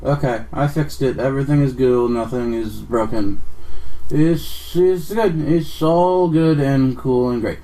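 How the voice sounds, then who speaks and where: A man's voice: mid-range voice, a little slow, warm tone. A young man streaming a video game live, flustered and apologetic, swearing at technical trouble and joking at his own expense. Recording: distant mic with faint music.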